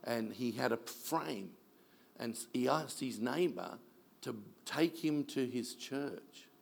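A man's voice: mid-range voice, animated, slow, vocal fry. A man, a pastor telling stories in a sermon and mimicking the people he quotes. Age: 60s. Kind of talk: sermon storytelling.

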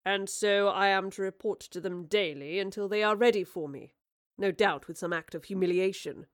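A woman's voice: medium pitch, moderate pace, no room sound, studio quality, lightly acted. A woman playing a wry, defiant male playwright. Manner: clipped, formal period speech.

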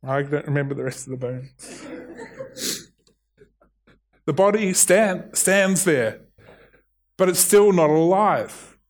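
A middle-aged man with a New Zealand accent delivers a sermon in a slightly high voice. He speaks earnestly, restarting and repeating words as he builds his point. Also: expressive, a little slow. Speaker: pastor.

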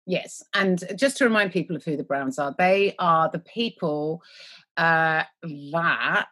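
Chatty woman with a husky voice. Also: deep voice, pushed and bright. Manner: chatty, rambling, quick to joke, trails off mid-word. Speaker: podcast co-host. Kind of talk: casual chat recapping a TV episode.

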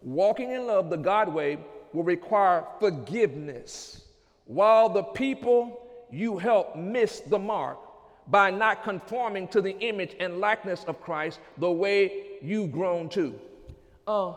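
High-voiced preacher shouting in a hall. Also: male voice, animated, measured pace. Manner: preaching call-and-response, rising to shouts. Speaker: pastor. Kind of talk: sermon.

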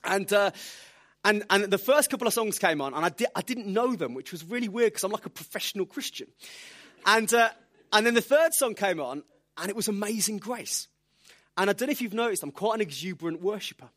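A man preaching a sermon, telling lively stories with self-deprecating humor. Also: high-pitched, brisk.

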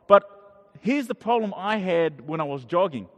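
A man's voice: high-pitched, lively intonation, moderate pace. A middle-aged man preaching a casual sermon to a congregation, talking conversationally with many restarts and questions to the audience. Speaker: pastor. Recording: long hall reverb.

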